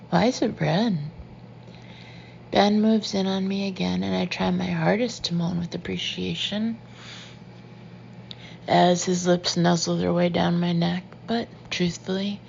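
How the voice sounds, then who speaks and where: Woman, audiobook narrator, hushed first-person read, slow and gravelly. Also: lowish voice, muffled recording, a little hiss or hum. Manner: intimate, often breathy and hushed.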